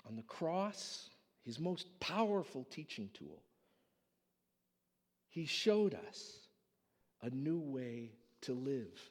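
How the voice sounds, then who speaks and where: A man preaching a sermon, telling a dramatic story in an animated way. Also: on the high side, long reverb tail. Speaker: pastor.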